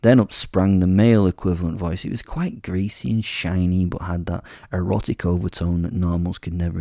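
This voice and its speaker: Gravelly, dark-voiced man narrating. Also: low voice, little pitch movement, brisk, few pauses, no echo, clean studio sound. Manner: crude, rambling, sardonic. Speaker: werewolf narrator. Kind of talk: scripted audio drama narration.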